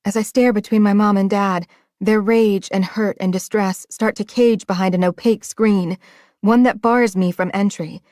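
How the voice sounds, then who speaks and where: A woman narrating a first-person romance audiobook in an emotional, hushed manner. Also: medium pitch, steady tone, moderate pace, no room sound, clean studio sound.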